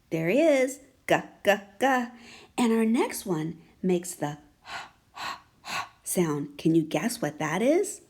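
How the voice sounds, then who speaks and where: A woman teaching a children's phonics lesson, coaxing a young learner with patient questions and repeating each letter sound slowly and clearly. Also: fairly low pitch, a little mellow.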